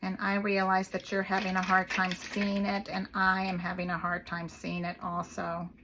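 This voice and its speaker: A woman's voice: medium pitch, monotone, normal speed, noisy background. A woman hosting a paper craft video, chatting casually as she works and gushing over the little details.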